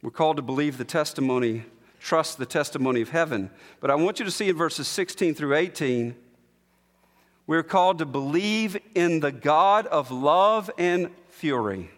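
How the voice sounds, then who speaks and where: A man preaching a sermon as pastor, emphatic, slowing down to stress repeated lines. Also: fairly high pitch, animated, long reverb tail. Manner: emphatic preaching with slow, drawn-out repetitions.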